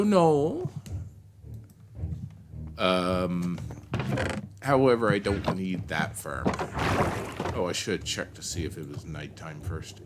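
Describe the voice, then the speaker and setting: A man streaming a game, rambling to himself and greeting chat as he plays. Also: low-pitched. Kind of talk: casual gameplay commentary.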